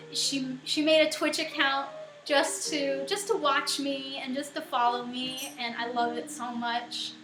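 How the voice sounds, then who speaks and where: A young woman with a fairly high, slightly bright voice chats casually and giggles often while answering viewers during a live baking stream at home. The recording has a roomy echo and faint music.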